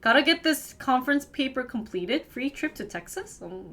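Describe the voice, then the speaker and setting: A woman's voice: high-pitched, animated, moderate pace, bright, forceful tone, soft background music. A woman livestreamer chatting casually, reacting to viewer comments with amusement and frequent laughs. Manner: amused, laughs often, muses aloud.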